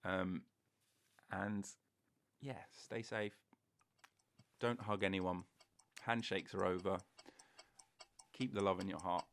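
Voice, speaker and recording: A man hosts his own solo comedy podcast, talking alone into a recorder in a room. His voice sits on the lower side. He rambles from one tangent to the next with self-mocking jokes. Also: steady tone, takes it slowly, long pauses. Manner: meandering, self-mocking, chatty with jokey asides. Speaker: podcast host.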